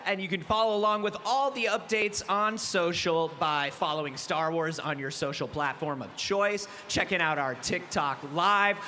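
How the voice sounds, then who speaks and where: Bright, high-voiced male event host. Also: moderate pace, hardly any pauses, a little hiss or hum. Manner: joking, upbeat, shouting at times. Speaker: live show co-host. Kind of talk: lively live event hosting.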